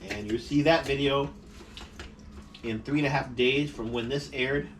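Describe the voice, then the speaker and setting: A man's voice: medium pitch, steady tone, measured pace. A man hosting a casual home food vlog, playful and chatty, laughing often. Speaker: vlog host. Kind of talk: casual mukbang chat. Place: home dining table. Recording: distant camera mic with faint noise.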